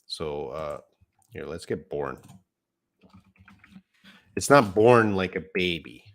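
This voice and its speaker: A man's voice: sits low, animated, takes it slowly. A middle-aged man teaching a live online English lesson, patiently explaining words step by step and correcting himself as he goes.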